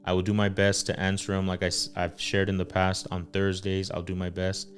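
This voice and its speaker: A man, a husband and father, hosting a casual faith-based podcast and speaking earnestly, with many ums and pauses. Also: deep voice, monotone. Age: adult father. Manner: earnest, full of fillers and pauses. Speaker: podcast host.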